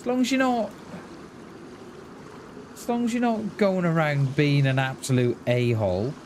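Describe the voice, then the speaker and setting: A man's voice: a little high, moderate pace, a little mellow, slight background noise. A man chatting casually on a live game stream, rambling and restarting his words as he talks to his chat. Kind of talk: casual chat while gaming.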